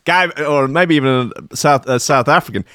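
A man's voice: medium pitch, moderate pace, fairly bright tone, smooth, no room sound, studio quality. A man casually reading out odd news stories, rambling, swearing and laughing between lines.

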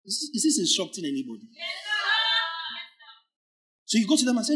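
Preacher, male, high-pitched; emphatic sermon delivery that drags words out and drops to near-whispers between loud lines. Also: huge pitch swings. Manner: emphatic, drawn-out words, sudden swings from loud to hushed; acts out imagined church members in quoted asides.

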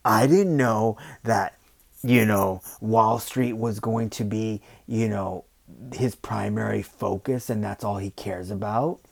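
A man doing a dopey, clueless male voter in a slow, whiny put-on voice. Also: fairly low pitch, steady tone, gravelly, exaggerated voice.

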